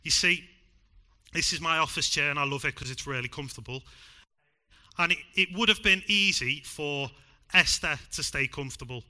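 A man with a Liverpool accent preaching a sermon in church, emphatic one moment and hushed the next. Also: on the high side, normal speed. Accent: Liverpool (Scouse). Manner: emphatic, swings from loud to hushed.

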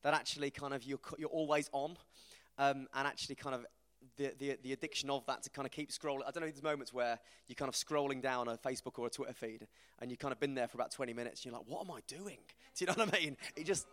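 A man, giving an informal, self-deprecating talk to a church group, animated as he tells stories. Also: mid-range voice, fast talker. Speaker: preacher. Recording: reverberant hall.

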